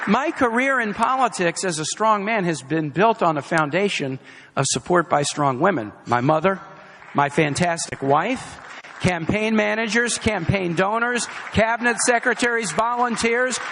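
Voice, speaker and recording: A man's voice: sits high, lively intonation, moderate pace, big-room sound, noisy background. A middle-aged man giving a campaign rally speech, emphatic, repeating key phrases for effect. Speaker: political campaign speaker. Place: outdoor or hall campaign rally with a crowd. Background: faint crowd.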